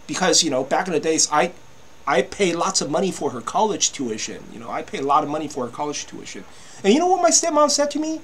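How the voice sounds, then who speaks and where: Fifty-something guy venting to the camera, high voice that swings all over, keeps restarting and saying "you know", swears a lot. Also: big pitch swings, fast, bright, forceful tone. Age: 50s. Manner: agitated, repetitive, stammering restarts, peppered with "you know"; swears freely. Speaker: vlogger. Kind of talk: ranting monologue to camera.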